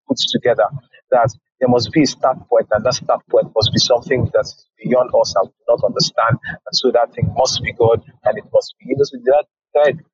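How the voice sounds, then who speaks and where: A man in a casual online audio room discussion, arguing forcefully and often restarting his words. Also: medium pitch, breathy edge, no room sound, highs cut off. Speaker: Clubhouse room participant. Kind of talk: impassioned discussion.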